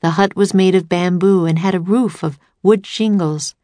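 Low-voiced woman reading a storybook. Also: moderate pace, dark tone, dry recording. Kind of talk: storybook narration.

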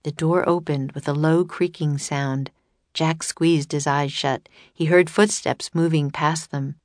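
A woman narrating a children's chapter book aloud in a calm, even storytelling manner. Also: low-pitched, unhurried, dry recording.

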